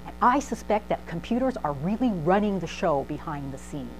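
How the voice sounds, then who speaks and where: A woman's voice: fairly low pitch, moderate pace, rough recording. A middle-aged woman pharmacist giving a humorous talk, acting out voices in her stories. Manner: animated, acts out voices in anecdotes. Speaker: pharmacist speaker. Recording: faint mains hum.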